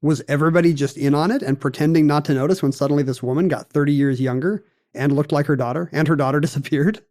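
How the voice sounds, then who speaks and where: A man co-hosting a podcast, laying out a strange story in a wry, meandering way. His voice sits a little high for a man, and he keeps the tone conversational as he trails off into fillers. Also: fairly even intonation, fast talker, a little mellow. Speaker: podcast co-host.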